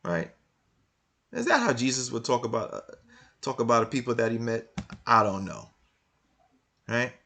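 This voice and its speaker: A man's voice: medium pitch, very animated, moderate pace, gravelly, pauses often, a bit bright. A man reading passages from a book aloud and commenting on them, hammering his points with repeated rhetorical questions. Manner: argumentative, many restarts. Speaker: religious commentator.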